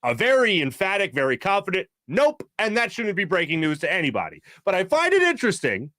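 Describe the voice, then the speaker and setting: A man hosting a sports talk show, talking fast and breaking into quick impressions when he quotes people. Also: high voice, dry recording, clean studio sound. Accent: Philadelphia. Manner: animated, jumps into voices for quotes. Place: studio.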